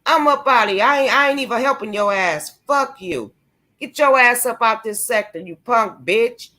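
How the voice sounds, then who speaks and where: A woman's voice: on the high side, moderate pace, pushed and bright. A young woman vlogging a confrontational, profane rant, taunting and cursing at someone she calls out. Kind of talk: angry profane rant to camera.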